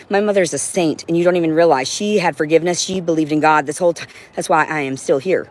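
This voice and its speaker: A woman's voice: deep voice, fairly quick, darkish tone. A woman on a livestream in an agitated, profane, rambling monologue, now and then talking to her cat.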